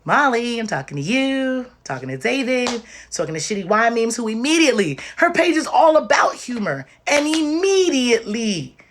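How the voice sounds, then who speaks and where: A woman's voice: on the high side, a bit bright, slight background noise. A woman talking on a livestream, tearful and exhausted, speaking emphatically and directly with lots of repetition. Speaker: livestream host. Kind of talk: impassioned livestream talk.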